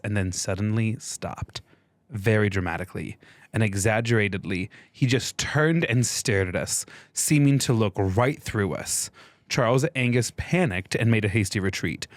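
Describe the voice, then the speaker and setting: A man co-hosting a podcast, reading a story aloud in a lively, swinging voice that dips and climbs. He chuckles his way through the reading. The sound is dry and close. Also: fairly low pitch, no room sound. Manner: animated, chuckles while reading. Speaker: podcast co-host. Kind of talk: casual chat and reading aloud.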